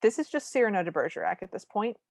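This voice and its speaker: A woman's voice: medium pitch, lively intonation, quick pace, dry recording, clean studio sound. A woman co-hosting a podcast, recapping a movie in casual chat with wry, humorous asides. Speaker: podcast co-host.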